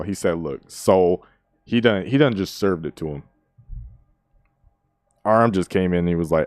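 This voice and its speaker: A man hosting a music reaction and chatting casually. He is excitable, laughs often, and acts out quotes in slangy speech. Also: sits low, moderate pace, long pauses, no echo, studio quality.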